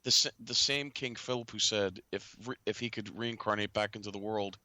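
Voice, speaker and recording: A man's voice: lowish voice, normal speed, bright, forceful tone, no room sound. A man hosting a casual talk show who rambles from one point to the next and often trails off. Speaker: podcast host.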